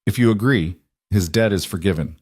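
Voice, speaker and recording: A man voicing a cold, commanding middle-aged crime boss with an Italian accent, speaking deliberately and with quiet menace. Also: low-pitched, slightly rough, dry recording, clean studio sound.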